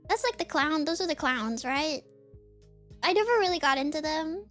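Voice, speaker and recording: A young woman streamer telling a story in casual livestream chat, animated, laughing often and saying "like" a lot. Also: high voice, moderate pace, faint music behind.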